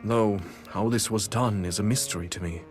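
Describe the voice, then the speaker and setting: An actor playing a solemn ancient king in a video game, speaking in a measured, reverent way. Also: fairly low pitch, music in the background, natural voice. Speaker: game character. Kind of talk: game voice acting.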